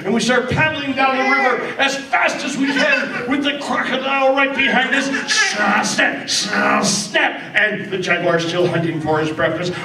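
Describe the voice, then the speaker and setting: A man tells a story with playful drama and sound effects. His fairly high voice swoops widely and takes an unhurried pace. He sounds distant in a roomy, noisy space. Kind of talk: animated storytelling. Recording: roomy distant mic with background noise.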